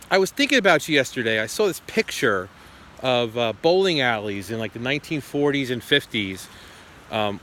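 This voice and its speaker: A man's voice: mid-range voice, sharp tone, slight background noise. A man in his forties casually retelling a phone call, acting out both sides. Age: 40s. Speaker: vlogger. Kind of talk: casual storytelling to camera.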